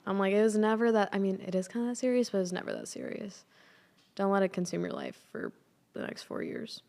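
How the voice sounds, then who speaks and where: A teenage girl co-hosting a casual chat podcast, chatty and trailing off into soft asides. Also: mid-range voice, sing-song, a little fast, creaky. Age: teens. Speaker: podcast co-host.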